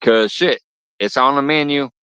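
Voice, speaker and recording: A man's voice: mid-range voice, normal speed, fairly bright tone, clean tone, no echo. A man hosting a fishing livestream outdoors at a lake, chatting casually with viewers and telling stories with lots of swearing and laughter. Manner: profane, laughing storyteller. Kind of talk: casual live chat with viewers. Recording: dull lo-fi audio.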